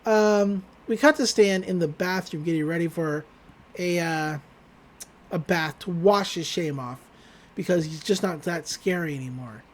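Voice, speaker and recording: Podcast host, mid-pitch voice, loose chatty delivery with casual swearing; recaps a cartoon episode. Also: unhurried.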